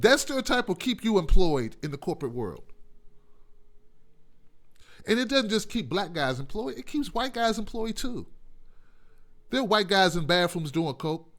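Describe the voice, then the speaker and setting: A man hosting a call-in show, talking in an animated, rambling, profane monologue, often laughing. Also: high voice. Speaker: host.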